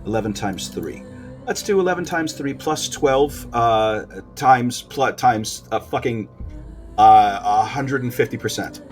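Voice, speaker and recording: Excitable, swearing man playing a game. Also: medium pitch, unhurried, soft background music. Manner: excitable, profane, animated. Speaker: let's play streamer. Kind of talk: casual gameplay commentary.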